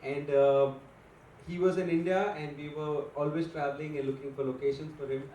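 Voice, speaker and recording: A man, a film director, telling an anecdote on stage with an unhurried, hesitant manner. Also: fairly high pitch, level tone, dark tone, slight background noise. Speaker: film director at a press event. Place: event stage with an audience. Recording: echoey event hall, from far off.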